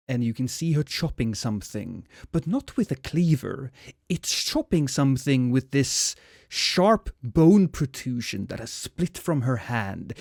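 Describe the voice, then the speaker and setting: A man narrating a tabletop horror game as game master, slow and suspenseful with hesitations. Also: medium pitch, creaky, a little mellow, no room sound, studio quality.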